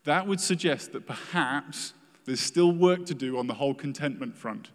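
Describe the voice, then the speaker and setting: A man's voice: on the high side, moderate pace. A man preaching a sermon in an earnest way, acting out the complaints of the people he quotes. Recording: reverberant hall.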